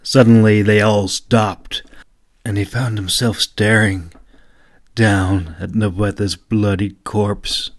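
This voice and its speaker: A man narrates his own fantasy novel in an unhurried, measured way. His voice sits on the low side. The recording is close and dry, with no room sound. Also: fairly even intonation, no echo. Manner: slow, measured reading. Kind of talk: audiobook narration.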